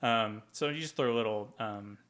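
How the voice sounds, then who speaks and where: A man's voice: on the low side, moderate pace, a bit bright. A man from Tacoma, Washington, a veteran guest in an interview, telling stories casually with plenty of ums and likes. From Tacoma, Washington, USA. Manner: rambling, with frequent ums and likes.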